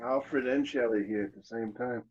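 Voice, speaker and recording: A man's voice: medium pitch, huge pitch swings, moderate pace, creaky, background noise. A man chatting casually on a livestream, making dry teasing jokes. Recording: dull lo-fi sound.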